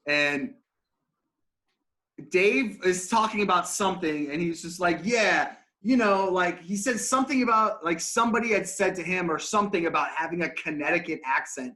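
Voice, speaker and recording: A man's voice: high voice, normal speed, sharp tone. A man, a former band member, telling stories in a casual podcast chat, swearing and laughing along the way. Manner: storytelling, swears, laughs often.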